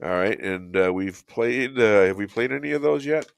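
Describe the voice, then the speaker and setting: An older man hosting a talk show, hoarse from losing his voice, rambling and joking between filler pauses. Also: lowish voice, animated. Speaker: show host. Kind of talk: casual talk show chat.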